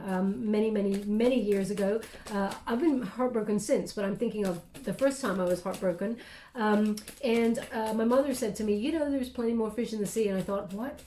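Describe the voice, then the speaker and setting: Soft-spoken woman giving a tarot reading. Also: medium pitch, echoey room, slight background noise. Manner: gentle, hesitant, many ums, thanks her spirit guides. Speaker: tarot reader.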